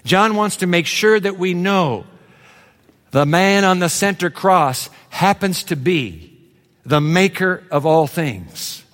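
A man preaching a sermon with dramatic swings from low murmurs to high exclamations. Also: lively intonation, slow pace, fairly bright tone, long reverb tail.

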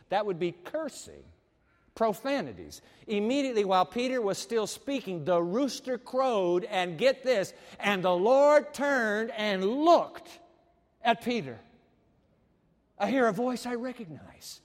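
Male preacher, sermon, high voice, dramatic loud-to-soft swings, long hall reverb. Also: very animated, measured pace.

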